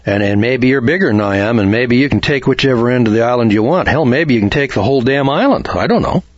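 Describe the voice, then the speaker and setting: A man's voice: mid-range voice, lively intonation, quick pace, no echo. A man from the United States giving a folksy, argumentative lecture on law, acting out little dialogues as he goes. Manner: homespun, argumentative, acts out dialogue. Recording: dull dry lo-fi recording.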